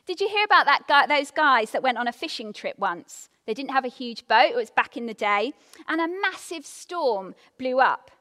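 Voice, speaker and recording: A woman giving a devotional talk, reading scripture and telling a personal story with expressive emphasis. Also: sits high, long reverb tail. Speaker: devotional speaker.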